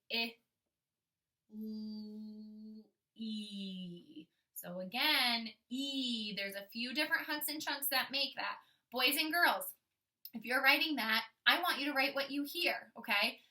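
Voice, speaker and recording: Bright-voiced kindergarten teacher, from a distance. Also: female voice, fairly high pitch. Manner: thinks out loud, slow sounding out of letters. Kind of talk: modeling writing for young children.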